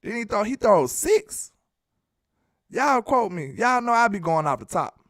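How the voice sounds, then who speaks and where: A man from Alabama, hosting a casual sports live stream, reading viewer messages and joking in a sing-song, animated way. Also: high-pitched, a little slow, no echo, clean studio sound.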